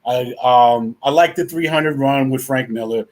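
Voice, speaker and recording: A man's voice: medium pitch, unhurried. A man co-hosting a live talk show, chatting casually and loosely, swearing and laughing. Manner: loose, profane, laughing banter. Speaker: podcast co-host. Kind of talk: casual chat.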